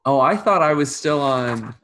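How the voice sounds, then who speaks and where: A man's voice: medium pitch, lively intonation, unhurried, fairly bright tone, pitched above the performer's own voice. A man voicing a nervous young female servant who stammers and pleads. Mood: flustered.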